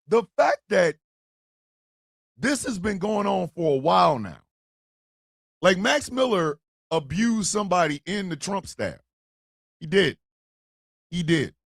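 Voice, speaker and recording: A man giving casual, slangy reaction commentary, stammering and breaking into loud outbursts. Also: high voice, very animated, measured pace, vocal fry, pauses often, dry recording. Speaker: streamer and political commentator.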